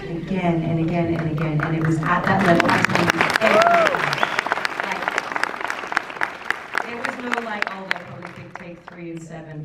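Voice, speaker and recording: A woman, an actress on a screening panel, talking in a chatty, animated way with many fillers and restarts. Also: sits low. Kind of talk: panel Q&A chat. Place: screening room with audience. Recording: roomy and distant with faint noise.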